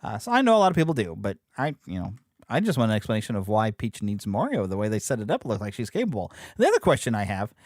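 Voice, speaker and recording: A man from the United States hosting a podcast, speaking in a chatty, rambling, animated way. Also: lowish voice, quick pace, no room sound, clean studio sound. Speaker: podcast host. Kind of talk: casual chat.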